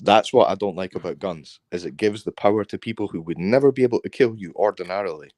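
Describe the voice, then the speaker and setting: Deep-voiced man giving blunt opinions. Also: fast, darkish tone, dry recording. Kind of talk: casual group chat.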